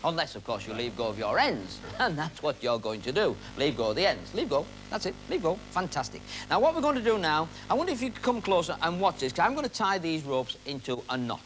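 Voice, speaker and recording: A man's voice: on the high side, sing-song, a little fast, hardly any pauses, fairly bright tone, faint music behind, low-quality recording. A man hosting a televised magic comedy act, joking and teasing the audience volunteers on stage.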